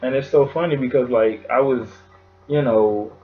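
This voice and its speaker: A man giving an emotional tribute in his vlog, talking haltingly with long pauses, sighs and fillers, close to tears. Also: medium pitch, breathy edge, phone-quality sound, soft background music. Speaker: vlogger.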